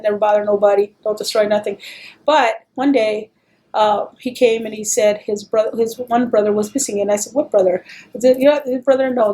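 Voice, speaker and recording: In an oral history interview, a middle-aged woman with a medium-pitched voice tells stories animatedly, acting out the voices of those she quotes.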